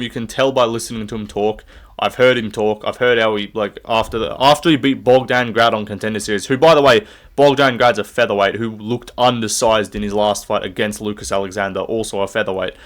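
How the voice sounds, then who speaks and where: A man's voice: lowish voice, a little fast. A young man, giving his fight picks in a rambling, profane, opinionated solo rant while standing up to record. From Australia. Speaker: MMA fight predictor.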